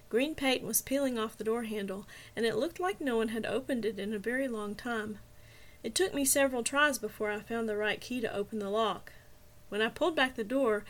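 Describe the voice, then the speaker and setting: A woman, the author, narrating her own novel in the first person with steady, measured storytelling. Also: medium pitch. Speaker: author and reader.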